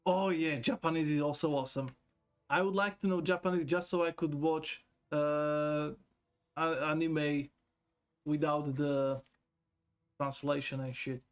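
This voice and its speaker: A man chatting on a live stream in a loose, rambling way, his voice sitting a little high for a man. He swears freely, laughs often and reads viewers' messages aloud from a desk mic. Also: steady tone, measured pace. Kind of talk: casual live-stream chat.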